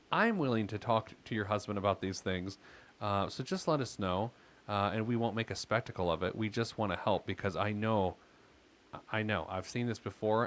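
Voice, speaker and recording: A man hosting a financial advice podcast, talking easily with a caller and using lots of filler words. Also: fairly low pitch. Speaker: podcast host and financial planner. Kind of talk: casual advice chat with a caller.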